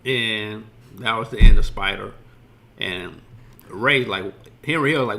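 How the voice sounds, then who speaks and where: Bright-voiced man rambling casually. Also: medium pitch, unhurried. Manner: rambling, profane, retells scenes loosely. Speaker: streamer reacting to a video. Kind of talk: casual reaction commentary.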